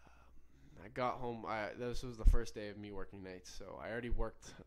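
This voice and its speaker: Rambling, profane young man, low voice. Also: fairly even intonation, moderate pace. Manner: rambling, profane, frequent self-corrections. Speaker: podcast host. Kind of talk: casual solo podcast storytelling.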